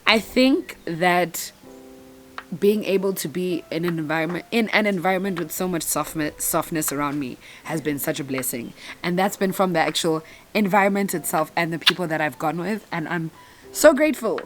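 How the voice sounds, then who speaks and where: A chatty young woman from South Africa talks straight to camera on a travel vlog. Her voice sits a little low for a woman, and she speaks freely and expressively, dropping the odd swear word as she goes. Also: a little fast, few pauses, soft background music. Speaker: travel vlogger.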